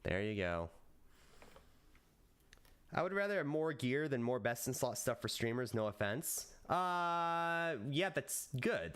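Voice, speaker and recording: Guy streaming and chatting w his viewers, pitch bouncing all over, squeaky hype bursts then mumbly low asides. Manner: jumps to high excited bursts, then drops low and mutters; rehearses video lines aloud. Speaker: VTuber streamer. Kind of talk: casual live stream chat.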